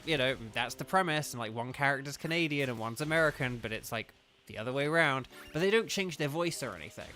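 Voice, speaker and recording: A young man with a southern English accent rambles and chats on a game livestream, relying heavily on "like". His voice sits on the high side and sounds pushed and bright.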